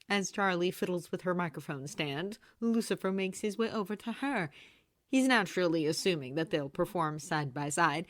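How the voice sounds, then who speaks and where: A woman reading fanfiction aloud in an animated storytelling manner, close to the microphone. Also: lowish voice, normal speed, no echo. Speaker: audiobook reader. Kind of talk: fanfiction narration.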